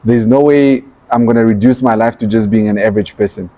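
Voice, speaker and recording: A Namibian entrepreneur and activist guests on a podcast, telling his story in a fairly low, mellow voice that moves a little fast. He's animated throughout and acts out his past thoughts as quotations.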